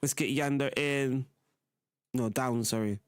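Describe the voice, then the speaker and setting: A man's voice: mid-range voice, fairly even intonation, a little slow, clean tone. A young man live-streaming a football management game, chatting casually to his viewers as he plays. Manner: chatty, talks to chat while playing.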